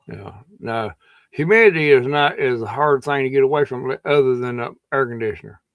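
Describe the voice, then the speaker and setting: A man's voice: mid-range voice, animated, a little fast, no room sound. Meandering Kentucky man with scratchy throat. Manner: drawling, meandering, with many restarts. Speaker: livestream host. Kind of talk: rambling casual chat.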